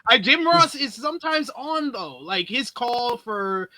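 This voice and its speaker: A man's voice: very high-pitched, lively intonation, unhurried, sharp tone. A man appearing as a podcast guest and breaking things down in an earnest, analytical way. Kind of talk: casual podcast chat.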